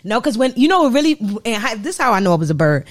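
A young woman co-hosts a casual podcast in an animated, playful way. Her pitch swoops widely as she jokes and laughs with her friend. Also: fast. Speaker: podcast co-host. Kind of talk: casual chat.

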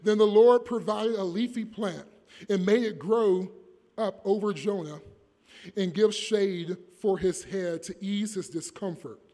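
A man preaching a sermon, reading scripture deliberately and building to emphatic, forceful points. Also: high-pitched. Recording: long reverb of a large hall.

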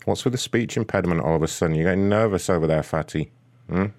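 A man's voice: sits low, fast talker, a little mellow. A man making a prank call as a rude customer service agent, insulting and taunting the customer in a smug way.

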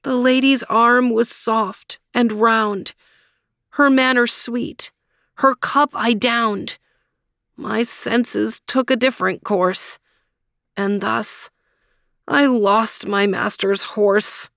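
A woman voicing a timid, honest young male servant boy who speaks softly and earnestly in a storybook reading. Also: on the high side, unhurried, no echo, studio quality. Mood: sorrowful. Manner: soft, trembling, earnest.

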